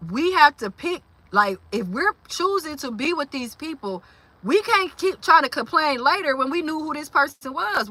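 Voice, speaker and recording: A woman's voice: high voice, bright, forceful tone, no echo. A woman in her forties hosting a casual livestream chat, talking loosely with lots of fillers and reading viewer comments aloud. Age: 40s. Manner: chatty, reads and answers viewer comments aloud; loose, slangy talk with many fillers. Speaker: livestream host.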